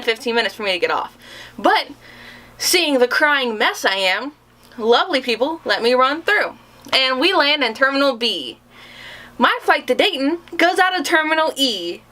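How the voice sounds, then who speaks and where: A young woman telling a dramatic storytime about a travel ordeal, animated and self-mocking. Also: high-pitched. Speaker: vlogger. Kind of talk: storytime vlog.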